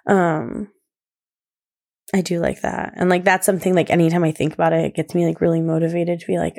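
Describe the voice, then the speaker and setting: A young woman hosting a podcast, chatting casually about her days as a mother, rambling with many fillers and soft laughs. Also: fairly low pitch, flat delivery, brisk, creaky. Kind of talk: casual personal talk.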